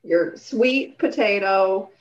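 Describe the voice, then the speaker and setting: A woman's voice: mid-range voice, slow pace, muffled recording. Blunt, profane woman in her thirties. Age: 30s. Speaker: podcast co-host. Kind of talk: casual chat.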